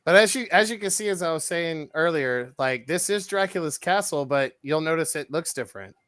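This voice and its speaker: Animated co-host voice, swings up and down a lot, laughs easy, dead dry mic. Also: mid-range voice, brisk, no echo. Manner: animated, laughs often, bursts into song lines. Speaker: watch-along co-host. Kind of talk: casual chat over a movie.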